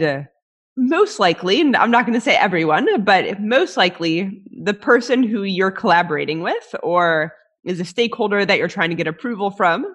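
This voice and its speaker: A woman's voice: mid-range voice, a bit bright. Woman, podcast host, mid-range voice, thoughtful and searching in her phrasing. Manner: reflective, thinking aloud, frequent restarts. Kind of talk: casual interview chat.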